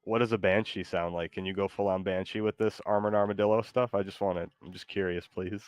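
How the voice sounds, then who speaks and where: Man hosting a stream, lowish voice, halting and giggly, dry close sound. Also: steady tone, clear, resonant tone, dry recording. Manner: hesitant, giggly, lots of ums. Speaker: streamer host. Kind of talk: casual chat.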